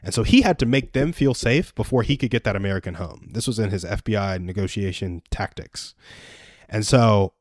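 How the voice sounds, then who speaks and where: A man's voice: on the low side, expressive, a little fast, darkish tone, no room sound, clean studio sound. A young man hosting a livestream, telling a personal story in earnest, chatty advice talk. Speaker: livestream host. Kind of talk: casual advice chat.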